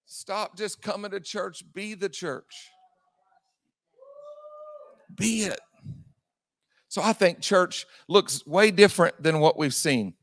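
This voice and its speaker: A man preaching a sermon in a church, repeating his phrases and swinging from shouting to quiet asides. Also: high voice, slow pace, pauses often, no echo. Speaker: pastor. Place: church sanctuary.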